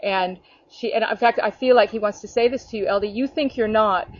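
A woman's voice: medium pitch, brisk, few pauses. Earnest woman preaching over a lo-fi call. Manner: earnest, addresses listeners by name, punctuates with "okay?". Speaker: prayer group teacher. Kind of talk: spontaneous preaching to a small group. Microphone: video call.

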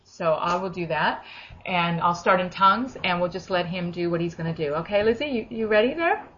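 A woman's voice: lowish voice, fairly quick, a bit bright, slight background noise. A woman leading a charismatic prayer session, talking animatedly and slipping into acted quotes and speaking in tongues. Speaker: prayer minister. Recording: dull lo-fi recording.

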